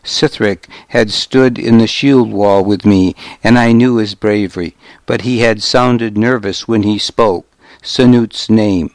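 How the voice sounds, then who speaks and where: A man reading a novel aloud as first-person narration, in a measured, deliberate storytelling manner. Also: on the low side, dry recording. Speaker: audiobook narrator.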